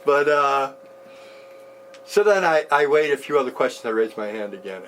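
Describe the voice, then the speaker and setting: A man in his sixties recounting a personal story in an interview, animated and often laughing as he talks. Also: medium pitch, normal speed, a little hiss or hum.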